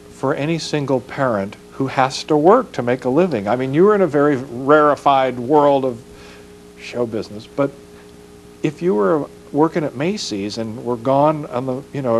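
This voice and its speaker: Guy interviewing someone, digs in with questions, sympathetic, mid pitch, faint hum. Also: low-quality recording. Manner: probing questions, sympathetic reactions. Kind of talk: casual interview chat.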